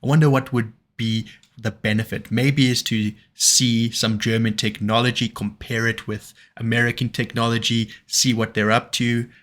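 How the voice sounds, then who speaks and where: A man's voice: mid-range voice, flat delivery, normal speed, fairly bright tone. A man with a South African accent hosting a reaction video, musing aloud and putting questions to his viewers. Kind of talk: reaction commentary.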